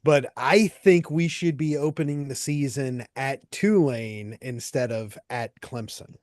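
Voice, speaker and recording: Guy calmly explaining stuff on a sports podcast, dry close sound. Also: mid-range voice, measured pace, no echo. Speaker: podcast co-host. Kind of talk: casual sports chat.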